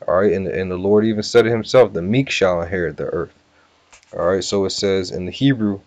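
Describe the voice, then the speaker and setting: A man teaching a scripture lesson, casual and repetitive, sounding out words slowly. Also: low voice, fairly even intonation, no room sound, lo-fi sound. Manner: casual, repeats "all right" and "you know", sounds words out slowly. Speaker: bible teacher. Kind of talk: scripture lesson with word-by-word breakdown.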